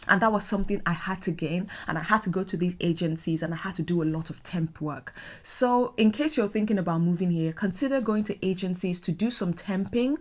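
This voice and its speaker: Animated Nigerian woman vlogging. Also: on the low side, brisk. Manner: animated, dramatic, exclamatory storytelling. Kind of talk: casual vlog talk.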